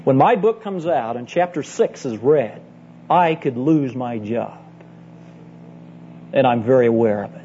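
Earnest mellow-voiced man preaching. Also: mid-range voice, lively intonation, a little slow, pauses often. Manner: earnest, emphatic, addresses listeners as "friend". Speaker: Bible college teacher speaking to church leaders. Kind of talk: conference sermon with personal stories. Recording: dull lo-fi tape with faint hum.

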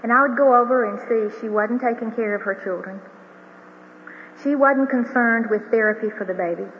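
A woman's voice: a little high, normal speed, slight background noise. An older woman giving an earnest religious testimony as a grandmother, speaking before a large audience in a hall. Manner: earnest, heartfelt storytelling. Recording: tinny broadcast of a hall with reverb.

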